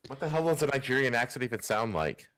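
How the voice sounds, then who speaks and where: A man's voice: mid-range voice, big pitch swings, quick pace, fairly bright tone, dry recording. A man co-hosting a podcast, making edgy jokes and laughing often. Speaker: podcast co-host. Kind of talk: casual podcast chat.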